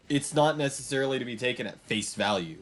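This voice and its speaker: A young man streaming a game, giving a rambling, emphatic commentary with frequent restarts. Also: medium pitch. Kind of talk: casual gameplay commentary.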